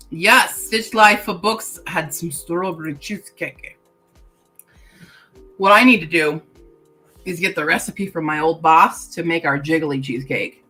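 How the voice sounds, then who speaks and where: A woman chats on a relaxed livestream in a bright, clear voice that swings up and down freely. She reads out viewers' comments, laughs easily and talks through mouthfuls of candy, with faint music behind her. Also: lowish voice, rough recording. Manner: chatty, reads chat comments aloud, laughs often; talks while chewing candy. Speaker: livestream host of writing sprints. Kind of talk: casual livestream chat.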